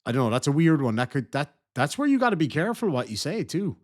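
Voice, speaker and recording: A man's voice: on the high side, sing-song, quick pace. An Irish man hosting a reaction video, commenting casually in a chatty, rambling way and often correcting himself.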